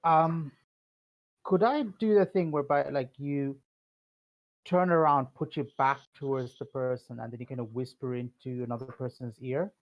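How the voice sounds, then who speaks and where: A man's voice: mid-range voice, fairly even intonation, moderate pace, dull audio. A man playing a tabletop game online, hesitant, with many fillers. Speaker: player. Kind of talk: casual tabletop game talk.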